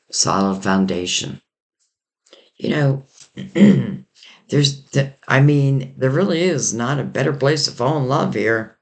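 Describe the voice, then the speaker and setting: At a medium pitch, a man's creaky voice carries a loose, reflective tarot reading packed with fillers. He's in the middle of losing his voice.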